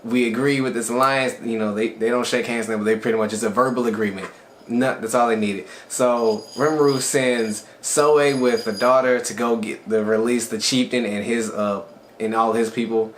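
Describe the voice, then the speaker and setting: A man casually recapping an anime episode as a reviewer, telling it loosely and with excitement. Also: lowish voice, moderate pace. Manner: excited storytelling, loose and conversational. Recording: echoey room with faint background noise.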